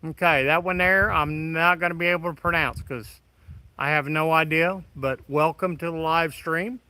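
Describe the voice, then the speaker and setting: Folksy man hosting a live chat, slightly high voice, dry close sound. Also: fairly even intonation, normal speed, bright, forceful tone, smooth, no echo, rough recording. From Midwest of the United States. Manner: folksy, friendly, greets viewers by name. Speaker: live stream host. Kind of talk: casual live stream chat reading comments.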